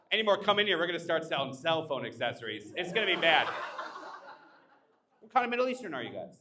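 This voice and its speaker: Brief: young man, stand-up at a live show, animated and brash. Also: fairly high pitch, fairly quick, long pauses, background noise. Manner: brash, crowd-teasing, animated. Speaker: stand-up comedian. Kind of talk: live stand-up set with crowd work. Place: live comedy show at an art exhibition.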